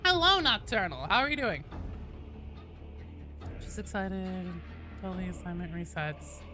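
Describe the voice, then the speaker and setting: Animated, bright-voiced woman streamer. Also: fairly low pitch, unhurried, soft background music. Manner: playful, swears, reads chat aloud. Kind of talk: casual live-stream chat while gaming.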